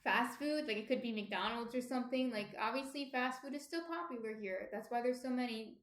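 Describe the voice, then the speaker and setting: A woman's voice: a little high, brisk, echoey room. A woman from New Jersey with a New Jersey accent, chatting casually on a baking livestream and answering viewers' comments. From New Jersey, USA. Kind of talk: casual live-stream chat.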